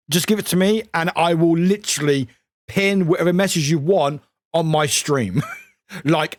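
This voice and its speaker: Lively high-voiced British male streamer. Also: no room sound, clean studio sound. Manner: chatty, swears a lot, laughs often. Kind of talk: casual live-stream chat.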